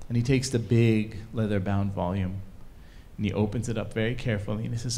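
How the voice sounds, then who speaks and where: A man giving a storytelling talk to a live audience at a cultural event, animated and casual, with fillers. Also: fairly low pitch, fairly quick. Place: event hall stage.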